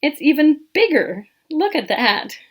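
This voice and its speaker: Her voice high and her pace measured, a woman leads storytime for small children. She reads the picture book with animation, asking questions, pointing out details, and counting along.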